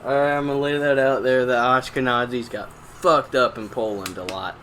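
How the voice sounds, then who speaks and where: A young man chatting on a podcast with a bright, forceful voice. He jokes crudely and swears often, and a faint hum sits behind him. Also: mid-range voice, steady tone, moderate pace. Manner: crude, joking, swears a lot. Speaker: podcast co-host. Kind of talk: casual podcast chat.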